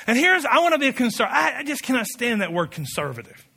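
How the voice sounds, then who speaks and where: A man preaching a sermon with passion, building to loud peaks and dropping to quiet asides, leading the congregation in call-and-response. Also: very high voice, sing-song, fast talker, creaky, husky. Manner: impassioned, rising to shouted peaks, drops to quiet asides. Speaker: pastor.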